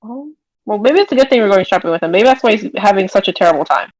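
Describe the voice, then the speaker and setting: A woman's voice: medium pitch, expressive, quick pace, no echo, natural voice, rough recording. A woman voicing a nosy, bubbly young woman adventurer in a tabletop game, asking playful, prying questions.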